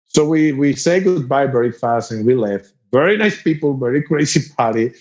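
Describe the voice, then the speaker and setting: A man from Spain with a Spanish accent, a guest musician telling an animated story in casual chat, jumping into a much higher voice to play the other people and laughing often. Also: a little slow, hardly any pauses, lo-fi sound.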